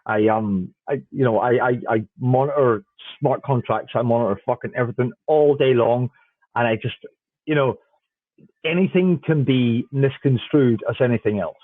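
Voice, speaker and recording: A man's voice: medium pitch, normal speed, dry recording. Blunt Irishman on a tinny line. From Ireland. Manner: blunt, swears freely, repeats himself. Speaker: guest, smart contract auditor. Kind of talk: casual podcast chat. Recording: dry tinny phone-like line.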